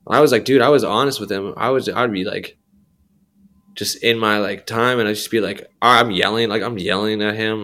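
A man's voice: fairly low pitch, sharp tone. A young adult man sharing his faith story as a podcast guest, rambling with slang and many fillers. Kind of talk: candid personal testimony.

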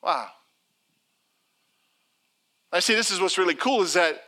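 Preaching as a pastor, a middle-aged man speaks in a high register, unhurried and with long pauses. His sermon is full of lively stories in which he acts out each person and their words.

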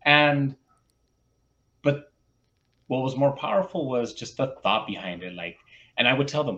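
A man's voice: mid-range voice, lively intonation, a little slow, pauses often, bright, forceful tone. A male teacher telling a classroom story with animation, acting out bits of dialogue, with many fillers and restarts. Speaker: teacher, podcast guest. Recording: lo-fi, muffled audio.

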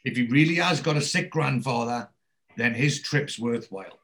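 A man's voice: mid-range voice, moderate pace. A man hosting a podcast, recapping a TV episode casually and acting out the characters' lines as he goes. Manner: animated storyteller acting out quoted lines. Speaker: podcast host.

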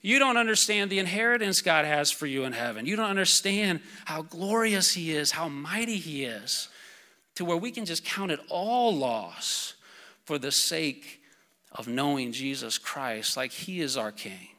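A man preaching a sermon to his church, reading scripture and speaking casually with lots of fillers, getting excited and then calming down. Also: measured pace. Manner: excitable, casual fillers, builds to shouts then drops low. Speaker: pastor.

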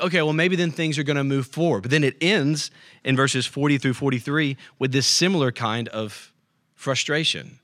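A man's voice: medium pitch, fairly bright tone, dry recording, clean studio sound. A man preaching a conversational sermon as a pastor, often checking in with his listeners. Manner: conversational, asks the room "right?".

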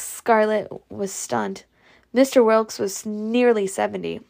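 A woman reading a classic novel aloud as amateur audiobook narration, steady with occasional slips. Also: medium pitch, slow, vocal fry. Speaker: audiobook reader.

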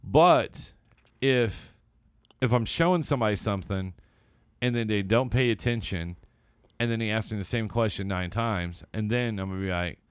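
A man's voice: fairly low pitch, moderate pace, clean tone, no echo, studio quality. A man co-hosting a podcast, telling stories bluntly and casually with lots of swearing. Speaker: podcast co-host. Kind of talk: casual profane storytelling.

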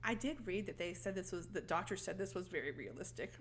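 Woman host recapping a film, animated. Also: fairly low pitch, fast, a little hiss or hum. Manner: animated, profane storytelling. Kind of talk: casual chat.

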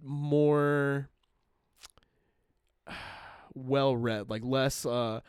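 A man's voice: mid-range voice, steady tone, extremely slow, smooth, dry recording, studio quality. A young American man, hosting a podcast in casual chat, rambling and swearing a lot, laughing as he talks. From United States. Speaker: podcast host.

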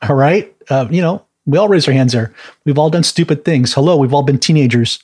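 A man's voice: fairly high pitch, brisk, darkish tone, husky. A man teaching a Bible class in a chatty, informal way, laughing at his own stories and adding many asides.

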